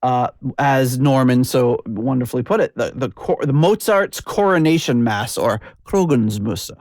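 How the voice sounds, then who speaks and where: A man's voice: medium pitch, measured pace, darkish tone, no room sound, studio quality. A man hosting a podcast, chatting casually and rambling with restarts. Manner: rambling, lots of fillers and restarts, laughs easily. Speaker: podcast host.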